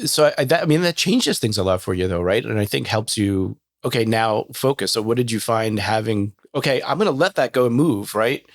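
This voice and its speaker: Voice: mid-range voice, expressive, brisk, few pauses, no echo, studio quality. A podcast host asking an interview question, rambling and restarting.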